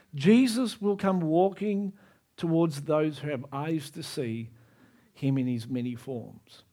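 A man preaching a sermon as pastor, moving between soft, low asides and raised, emphatic climaxes.

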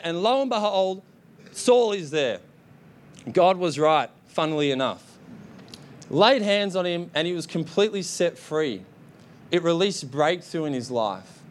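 Young male preacher, high-pitched, energetic exhorting sermon delivery. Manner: energetic, exhorting with repeated "come on".

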